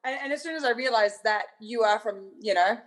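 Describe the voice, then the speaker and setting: A woman's voice: a little high, fairly quick. Chatty woman guest, laughing easily. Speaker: guest singer-songwriter. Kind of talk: casual podcast interview.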